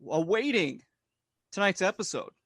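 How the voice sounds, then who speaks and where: A man's voice: high-pitched, big pitch swings, moderate pace, a bit bright, dry recording, clean studio sound. A man co-hosting a podcast, cracking puns and wisecracks in casual chat. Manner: wisecracking, punny. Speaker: podcast co-host.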